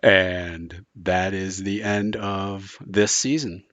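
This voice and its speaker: A man narrating a tabletop vampire game as game master, relaxed and loose with fillers. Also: low voice, slow, no echo.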